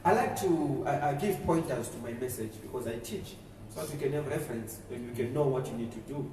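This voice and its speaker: A man's voice: mid-range voice, a little fast, warm tone. A pastor preaching a sermon, emphatic and call-and-response, repeating key phrases for his congregation. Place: large church hall. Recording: echoey hall from far off, faint room noise.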